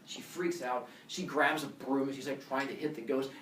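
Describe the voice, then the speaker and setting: A male teacher telling a myth to his class in an animated way, with a camera across a classroom. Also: mid-range voice, moderate pace, far from the mic, a little hiss or hum. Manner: animated, acts out every voice. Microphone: camera across the room. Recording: roomy classroom heard from afar.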